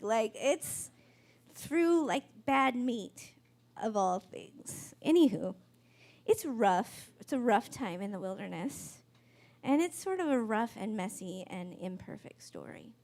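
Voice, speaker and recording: A woman's voice: on the high side, expressive, measured pace, a little mellow. A woman giving a sermon in a conversational, wry storytelling way. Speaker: pastor.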